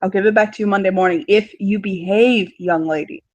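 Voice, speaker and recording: A woman's voice: medium pitch, fairly even intonation, fairly quick, darkish tone, no echo, lightly acted. A woman voicing a stern but loving father who speaks in short, weary phrases. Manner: terse, weary, clipped.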